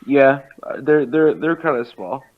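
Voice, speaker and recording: A man co-hosting a podcast in casual chat, playful and asking halting questions. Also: mid-range voice, lively intonation. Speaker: podcast co-host. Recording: dull lo-fi mic with faint noise.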